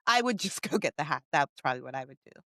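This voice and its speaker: A woman's voice: deep voice, sing-song, quick pace, pushed and bright, dry recording. A woman co-hosting a podcast from home, chatting casually about a film, wondering aloud and laughing as she talks. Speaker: podcast co-host. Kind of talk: casual chat reviewing a film.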